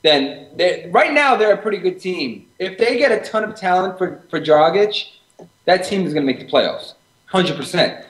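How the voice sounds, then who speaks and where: Guy with a high voice ranting about basketball, emphatic, roomy echo. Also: expressive, normal speed, fairly bright tone. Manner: argumentative, gets worked up and emphatic. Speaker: co-host. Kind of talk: casual sports talk. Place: studio or room with live stream setup.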